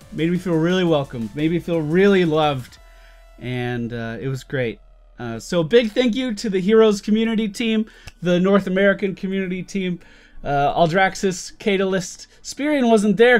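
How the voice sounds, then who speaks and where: Wry, self-mocking male vlogger. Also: a little high. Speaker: YouTuber. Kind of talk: casual storytelling vlog.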